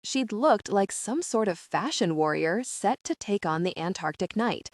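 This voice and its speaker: A woman narrating an audiobook in a steady, expressive storytelling manner into a close mic. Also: medium pitch, a little slow, no echo. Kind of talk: scripted narration.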